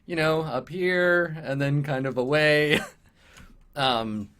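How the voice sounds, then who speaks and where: A man's voice: a little high, slow pace, a bit bright, smooth. A man narrating as game master of a tabletop game, rambling with many fillers. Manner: rambling, full of fillers and laughs.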